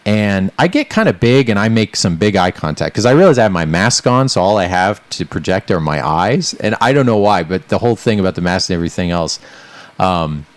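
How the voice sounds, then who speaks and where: A middle-aged man from the Midwest tells a long story on a casual podcast, voice sitting a little low. He rambles, pauses on fillers and acts out what others said. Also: lively intonation, no echo. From American Midwest. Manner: rambling anecdote with acted-out quotes and many fillers. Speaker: podcast co-host.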